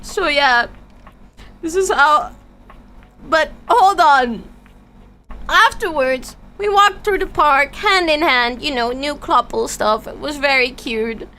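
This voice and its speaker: A woman's voice: high voice, slow, bright, forceful tone. A woman streamer telling a personal story in casual chat, stammering and swearing freely, with faint music behind her.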